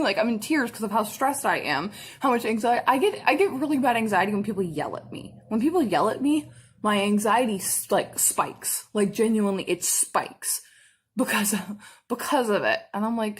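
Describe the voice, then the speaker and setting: Husky-voiced young woman venting story. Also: on the high side. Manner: animated storytelling, acting out customers in quick bursts. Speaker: makeup vlogger. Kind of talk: casual storytime chat while doing makeup.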